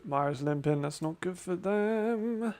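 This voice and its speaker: Hosting a football watch-along, this man delivers excited live commentary packed with swearing and laughter. His voice is high-pitched and his delivery slow.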